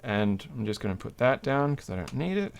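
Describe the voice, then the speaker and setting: A man's voice: mid-range voice, sing-song, a little fast, creaky, smooth. A man hosting a livestream, casually talking through a hands-on craft demonstration at his workbench, explaining each step as he works and laughing now and then. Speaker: livestream host. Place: home workbench.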